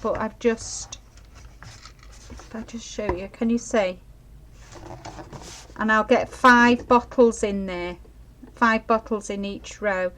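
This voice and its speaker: A woman's voice: on the high side, slight background noise, rough recording. A middle-aged woman giving a live craft demonstration, chatty and apologetic, often checking that viewers can see.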